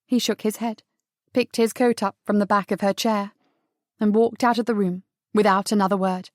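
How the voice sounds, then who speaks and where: A woman reading an audiobook romance as narrator, telling the story in an even, intimate way. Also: mid-range voice, moderate pace, no echo, studio quality. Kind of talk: scripted narration.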